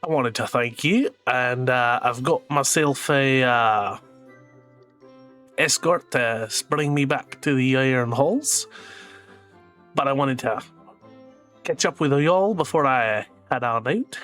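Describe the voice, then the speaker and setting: Man voicing a dwarf, boastful, folksy, rambling, slow-talking. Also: medium pitch, fairly bright tone, faint music behind. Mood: jovial. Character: boastful hard-drinking male dwarf.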